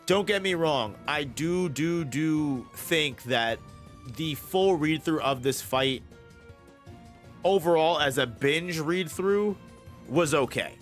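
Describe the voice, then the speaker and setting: A man's voice: a little high, animated, slow, soft background music. Profane, rambling male manga reviewer. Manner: rambling, profane, enthusiastic with restarts. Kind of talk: casual commentary.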